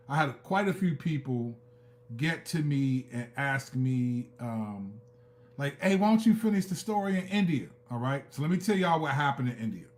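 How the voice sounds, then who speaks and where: A middle-aged man tells a testimony story in a loose, conversational way. His pitch jumps around a lot, and he drops slang and asides as he talks to his live-stream viewers. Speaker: preacher and live-stream host.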